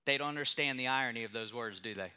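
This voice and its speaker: A man's voice: mid-range voice, fast talker, sharp tone, clear, resonant tone. A young adult male pastor preaching a sermon, telling a story with emphatic, building intensity.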